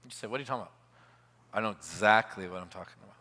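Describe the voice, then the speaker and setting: A man preaching a live church sermon. He moves from quiet asides to loud, emphatic declarations and leads the congregation in call-and-response. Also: lowish voice, very fast. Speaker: pastor. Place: large church hall at a live service. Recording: long reverb of a large hall.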